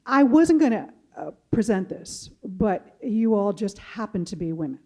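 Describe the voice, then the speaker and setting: A woman from Chicago speaking as a panelist, telling a story in a measured way. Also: mid-range voice, big pitch swings, mellow. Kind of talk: casual panel discussion.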